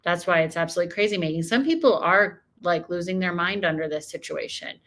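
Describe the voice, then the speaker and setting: A woman's voice: lowish voice, a little fast, a bit bright. An American woman giving emotional, emphatic political reaction commentary, often repeating her points. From United States. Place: home.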